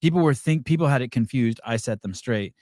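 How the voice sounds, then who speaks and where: A man's voice: mid-range voice, lively intonation, fairly quick, darkish tone, dry recording, studio quality. A man hosting a podcast in casual chat, rambling and restarting, telling stories and acting out quotes. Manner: rambling storyteller, many fillers and restarts, acts out quotes. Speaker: podcast host.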